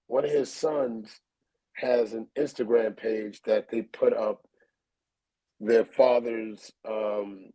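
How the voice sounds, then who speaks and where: Low-voiced New man, relaxed storyteller. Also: slow, low-quality recording. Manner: relaxed, storytelling, many fillers. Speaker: comedian guest. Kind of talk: casual interview talk. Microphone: video call.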